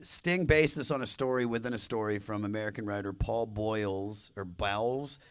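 A man's voice: on the low side, moderate pace, dry recording. A man hosting a live podcast on stage, reading out song background and teasing his guest. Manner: reads out song facts, then teases the guest. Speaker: podcast host. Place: live stage in front of an audience.

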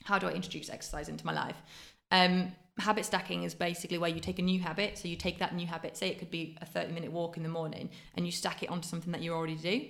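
A woman, a fitness coach giving quick practical advice in casual podcast chat. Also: on the low side, flat delivery, fairly bright tone. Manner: fast, practical advice with many fillers.

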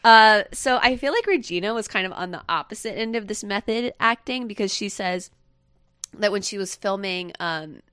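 A woman's voice: mid-range voice, normal speed, sharp tone, clear, resonant tone, dry recording, studio quality. A woman co-hosting a podcast, chatting casually and rambling with lots of fillers. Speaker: podcast co-host. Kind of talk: casual chat.

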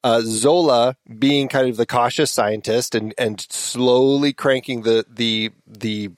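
A man's voice: mid-range voice, steady tone, slow pace, dry recording, clean studio sound. A man hosting a casual film discussion podcast, thinking aloud with frequent restarts. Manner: thoughtful, rambling with restarts. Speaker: podcast host.

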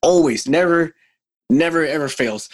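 A man hosting a casual podcast chat, telling work stories in an animated way and laughing often. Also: fairly high pitch, a little slow, a little hiss or hum. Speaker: podcast host.

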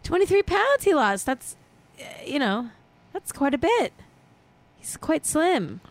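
A woman hosting a podcast, animated and gossipy in casual chat, laughing easily. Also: high voice, unhurried, no echo. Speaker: podcast host.

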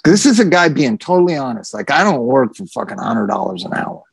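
Animated storytelling man, dry sound. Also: mid-range voice, a little fast, gravelly, slightly rough, dry recording. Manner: animated, laughing, quoting others in put-on voices. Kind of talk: casual storytelling chat.

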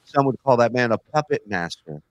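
A man hosting a podcast in loose, crude banter, laughing often as he riffs with his co-hosts. The mic is close and dry with no room sound. His pitch sits in an ordinary middle range. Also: lively intonation, fairly quick, dry recording. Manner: laughs often, rowdy joking. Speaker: podcast host.

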